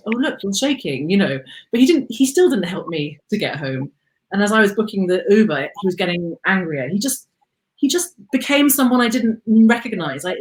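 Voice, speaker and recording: A woman co-hosting a candid personal conversation, speaking reflectively with frequent fillers. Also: mid-range voice. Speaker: co-host.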